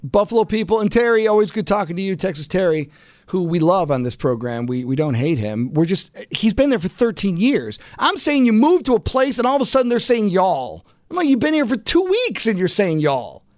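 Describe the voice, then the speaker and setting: Animated radio host. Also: male voice, high-pitched, no room sound, clean studio sound. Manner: animated, quick asides, rhetorical questions. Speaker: radio talk show host. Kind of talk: casual call-in radio chat.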